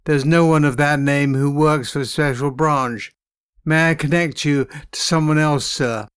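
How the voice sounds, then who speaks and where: A man's voice: a little high, steady tone, unhurried, clean tone, no room sound, clean studio sound, natural voice. A man voicing a formal, polite police switchboard operator who calls the caller sir.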